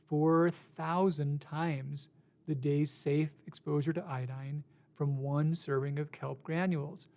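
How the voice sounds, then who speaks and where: A man's voice: fairly high pitch, gravelly, darkish tone. A middle-aged man from northern Minnesota explaining health advice in a casual, conversational way, stopping to correct his own numbers. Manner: conversational, self-correcting, chuckles at figures. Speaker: health educator.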